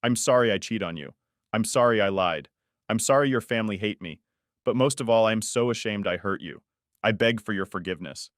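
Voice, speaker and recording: A man's voice: lowish voice, fairly quick, no echo, clean studio sound, natural voice. A man reading the lines of a remorseful wife who begs for forgiveness, pleading and apologetic.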